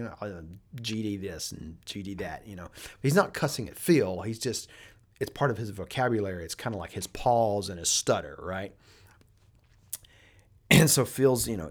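A man's voice: fairly low pitch, a little mellow. A middle-aged man hosting a business podcast, talking casually and telling stories with frequent restarts. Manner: conversational, storytelling, frequent restarts. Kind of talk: casual monologue.

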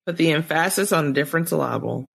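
A woman co-hosting a casual podcast chat, speaking in an animated, emphatic way and laughing easily. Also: low voice, fast talker, gravelly, slightly rough. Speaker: podcast co-host.

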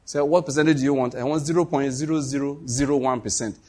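A man's voice: medium pitch, steady tone, fast talker, darkish tone. A man preaching a sermon, telling a story and acting out the dialogue between God and the prophets.

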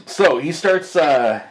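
A man's voice: fairly high pitch, animated, extremely slow, slight background noise. A man running a tabletop game as game master, narrating casually with fillers.

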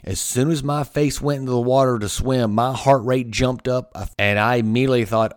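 A man's voice: medium pitch, steady tone, normal speed, few pauses, clear, resonant tone, no echo, studio quality. A man hosting a motivational podcast, telling a personal story in an earnest, emphatic way and repeating phrases for emphasis.

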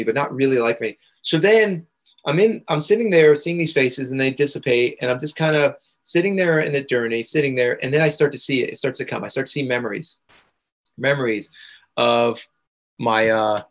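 A man's voice: mid-range voice, normal speed. A man being interviewed on a podcast, telling a personal story in an earnest way and repeating phrases for emphasis. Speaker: podcast guest, integration coach.

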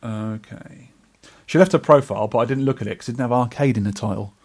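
A man's voice: medium pitch, quick pace, a little mellow, slightly rough. A middle-aged man co-hosting an arcade podcast, chatting casually and rambling in a self-deprecating way. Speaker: podcast co-host. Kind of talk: casual chat.

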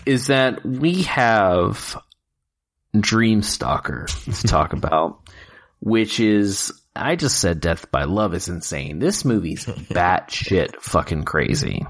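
A man co-hosting a casual podcast, excitable, swearing freely and laughing often. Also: on the low side, takes it slowly. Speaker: podcast co-host reviewing films. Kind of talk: casual chat.

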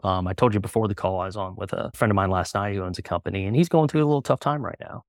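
A middle-aged man talking casually as a podcast guest, relaxed and full of fillers. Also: sits low, very fast, dry recording, clean studio sound. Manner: relaxed, conversational, many fillers. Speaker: guest, company co-founder.

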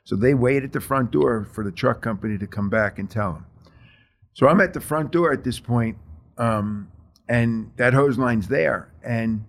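A middle-aged firefighter calmly walks through what happened on a fire call, one step after another. His voice sits at an ordinary pitch for a man. He talks in a plain, measured way and drops in plenty of ums and uhs. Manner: plain, measured retelling with many fillers. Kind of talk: interview storytelling.

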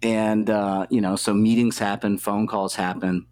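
A man's voice: lowish voice, level tone, measured pace, a little mellow. A young man, an athlete guest in an interview, telling a story in a casual, rambling way, swearing freely and leaning on filler words. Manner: profane, loose, heavy on filler words.

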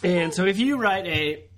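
A man's voice: high-pitched, lively intonation, unhurried, fairly bright tone, a little hiss or hum. A man co-hosting a casual movie podcast, talking in a rambling way with many fillers and frequent laughter. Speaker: podcast co-host.

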